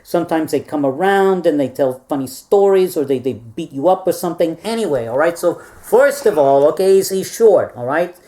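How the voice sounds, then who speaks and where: A woman's voice: sits low, expressive, a little fast, hardly any pauses, mellow. A woman giving a rambling, comic history lesson to stuffed animals, tagging her lines with "all right?" and repeating words as she goes. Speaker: presenter teaching stuffed animals.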